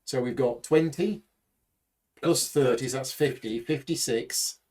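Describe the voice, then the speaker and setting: A man's voice: medium pitch, a little slow, darkish tone. A man hosting a casual board game playthrough, talking through each step aloud and counting totals. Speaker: board game host and player. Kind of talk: casual tabletop playthrough chat.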